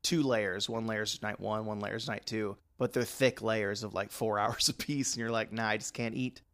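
Male co-host, bright tone, rambling chat with high bursts of laughter. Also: steady tone, normal speed. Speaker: podcast co-host. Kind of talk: casual chat.

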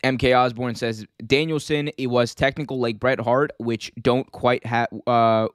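A man's voice: medium pitch, fairly even intonation, moderate pace, smooth, dry recording. Guy cohosting a wrestling podcast, reads chat out, jokey, dry close sound. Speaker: podcast co-host.

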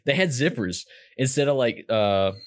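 A man's voice: mid-range voice, animated, normal speed. A young man telling a story in casual chat, rambling and self-mocking with lots of fillers and restarts.

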